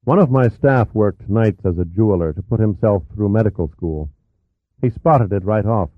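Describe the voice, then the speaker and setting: A man voicing a weary middle-aged coroner who explains things softly. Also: on the low side, normal speed, no echo, close to an everyday voice. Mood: measured. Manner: soft, explanatory. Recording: tinny narrow-band audio.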